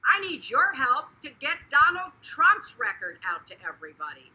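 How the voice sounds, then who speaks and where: Bright, high woman giving a rally speech. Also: sing-song, moderate pace, dull audio. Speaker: politician. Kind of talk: campaign speech.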